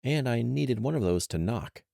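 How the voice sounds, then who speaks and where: A cheery, wisecracking adventurer guide, as a man puts him on in an audiobook. His voice is pitched higher than the narration and carries quick, joking comebacks. The sound is dry and close. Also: animated, vocal fry, mellow, dry recording. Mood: wry.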